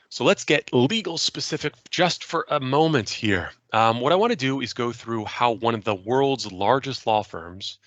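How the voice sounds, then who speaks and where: A man presenting in a relaxed, conversational way, with a slightly low voice and a bright, forward edge. He stresses his key points and sometimes speeds up to run through a list of times. The sound is dry and close, with no room around it. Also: dry recording, muffled recording. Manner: conversational, stresses key points, returns to a brisk timeline read. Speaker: presenter on cybersecurity. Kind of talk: recorded presentation.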